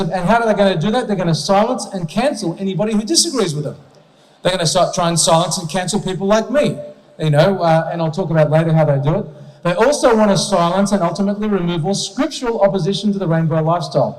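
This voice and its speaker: Long hall reverb surrounds a high-pitched, dark-toned man giving a public talk with slides. He speaks emphatically and rhetorically to the audience, frequently asking "okay?".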